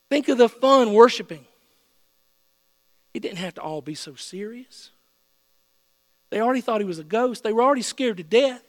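A man preaching a sermon with a high-pitched voice, telling the story playfully and building to excited shouts. His voice carries through a large hall with long reverb, and a faint mains hum runs underneath. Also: normal speed, pauses often.

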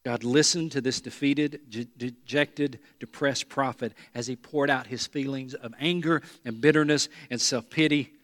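A pastor preaching a sermon to a congregation, talking earnestly and repeating words for emphasis. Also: male voice, medium pitch, steady tone, normal speed, few pauses, fairly bright tone. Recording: long reverb of a large hall.

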